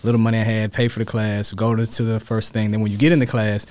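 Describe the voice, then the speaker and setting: A man's voice: on the low side, quick pace. A man, a real estate agent telling his story in a casual interview and acting out quoted voices. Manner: animated, acts out quotes in a raised voice.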